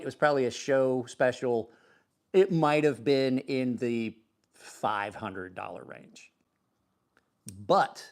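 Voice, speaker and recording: A man hosting a knife review channel, talking casually and enthusiastically to camera, rambling and self-deprecating with frequent restarts. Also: fairly high pitch. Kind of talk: casual product talk to camera.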